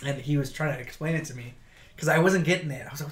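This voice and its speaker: A man's voice: mid-range voice, fast, echoey room. A young man, a military veteran, telling stories in loose, profane casual chat full of "like" and fillers. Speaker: podcast co-host, military veteran.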